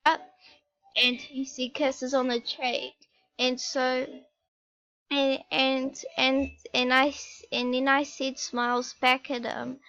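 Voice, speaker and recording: A young female vlogger retelling a story in a rambling, halting way, often restarting her sentences. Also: sits high, vocal fry, fairly bright tone, lo-fi sound. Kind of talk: storytime vlog.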